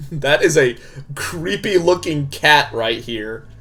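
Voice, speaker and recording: A male streamer with a fairly high voice commenting casually over a game. He jokes, swears freely and reacts out loud to what happens on screen. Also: expressive, slow pace.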